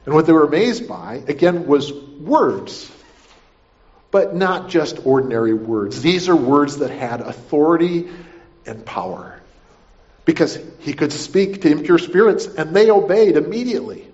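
A man's voice: a little high, big pitch swings, measured pace, a little mellow. A man preaching a conversational sermon, often asking "right?" and repeating himself as he explains the passage. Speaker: pastor. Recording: dull lo-fi recording.

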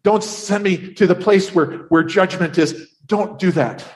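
A man's voice: high voice, unhurried, a little mellow. A man voicing a possessed man speaking for many demons, begging and repeating himself. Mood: pleading.

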